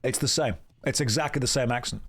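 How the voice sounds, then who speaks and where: A man's voice: medium pitch, fast, fairly bright tone, breathy edge. A man chatting playfully while streaming a game, joking and reading viewer comments aloud. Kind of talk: casual live-stream chat.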